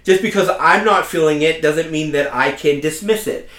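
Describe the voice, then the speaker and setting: A man's voice: a little high, normal speed, fairly bright tone. A young adult man preaching a sermon, earnest and conversational, mixing personal stories with scripture. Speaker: pastor. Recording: echoey room.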